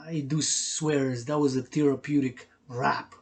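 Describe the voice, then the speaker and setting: A man's voice: mid-range voice, fairly even intonation, measured pace, gravelly. A man giving a rambling, emotional vlog monologue, repeating himself, swearing freely and talking in casual street slang. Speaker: workout video host.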